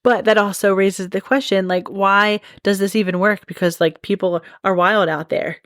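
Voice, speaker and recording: A woman's voice: medium pitch, steady tone, moderate pace, fairly bright tone, dry recording, studio quality. A woman hosting a podcast, explaining a topic in a chatty, casual monologue full of "like" and "you know". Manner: chatty, lots of "like" and "you know", laughs at herself. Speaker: podcast host.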